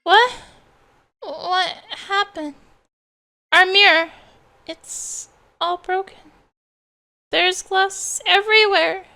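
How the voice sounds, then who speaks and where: Scared little girl in a game, voiced by a woman, high and shaky. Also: fairly even intonation, drawn-out words, gravelly, pauses often, pushed and bright, full character voice. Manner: shaky, fearful questions. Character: frightened little girl, small and timid.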